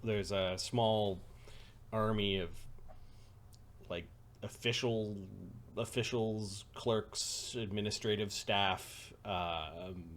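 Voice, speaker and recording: A man's voice: sits low, fairly bright tone. A man narrating a tabletop game as game master, with many hesitant ums and uhs.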